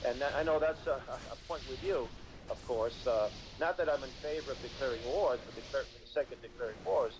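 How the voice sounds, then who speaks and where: A man's voice: mid-range voice, fairly quick, background noise. Earnest man explaining on a radio interview. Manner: earnest, rambling with many restarts. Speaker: guest, constitution educator.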